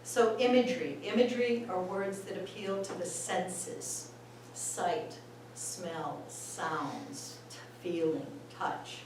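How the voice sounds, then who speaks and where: A woman explains poems to a roomful of singers in an easygoing, chatty way. She talks slowly and laughs often. She is heard from well off the mic in a hall full of echo, with a faint hum behind her. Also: lowish voice. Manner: chatty and unhurried, laughs often, reads lines aloud. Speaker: former school administrator giving a talk to choir singers. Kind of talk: informal talk on poetry. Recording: echoey room, voice far from the mic, faint background noise.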